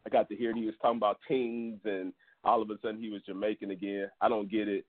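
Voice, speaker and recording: A low-pitched man gives blunt, joking takes in a casual sports chat. His voice is dry and tinny, as if it comes over a telephone. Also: little pitch movement, fast talker, dry recording. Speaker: podcast panelist. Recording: tinny phone-like sound.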